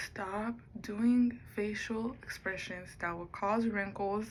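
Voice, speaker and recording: A woman's voice: medium pitch, steady tone, slow, few pauses, slight background noise, poor audio. A woman talking to the camera in a rambling personal vlog, musing aloud and drifting between topics. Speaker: vlogger.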